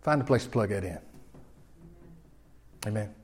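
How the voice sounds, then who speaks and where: A man preaching a sermon in a folksy way, swinging from loud emphatic peaks down to quiet low lines. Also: lively intonation, moderate pace, husky. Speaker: pastor.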